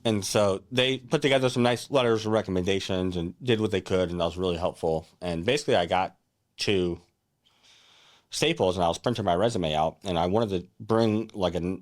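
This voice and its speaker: A young male chef speaks in a deep voice at a fairly quick clip, sharing his career story in the first person. His delivery is casual, earnest, and reflective, with frequent sentence restarts and fillers like "like" and "right?".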